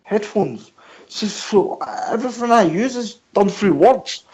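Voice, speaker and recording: Rambling, animated British-born man. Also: high voice, measured pace, rough recording. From United Kingdom. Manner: animated, rambling, explains with questions. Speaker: guest. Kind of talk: casual radio interview. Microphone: headphones and mic at home.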